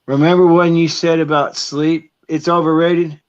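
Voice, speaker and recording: Casual co-host, man, teasing banter, slightly high voice, dull lo-fi recording. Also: flat delivery, normal speed, clean tone. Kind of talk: casual chat. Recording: dull lo-fi sound.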